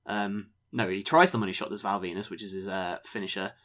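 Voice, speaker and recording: A man co-hosting a podcast, recapping wrestling matches in a relaxed way, full of ums. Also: sits low, a little fast. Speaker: podcast co-host. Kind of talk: casual review chat.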